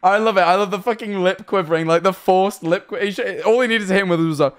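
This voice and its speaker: A man's voice: high voice, fast. A young man casually reacting to videos on stream, rambling, swearing freely and laughing often.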